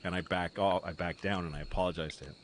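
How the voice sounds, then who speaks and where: A man with a fairly low voice tells long, wandering stories on a podcast and laughs at himself as he goes. A loud hiss sits under his voice, along with cricket and insect sounds. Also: steady tone, quick pace. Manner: rambling storyteller who laughs at his own stories. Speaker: podcast guest. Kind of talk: casual chat, telling anecdotes. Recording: podcast audio under loud background noise.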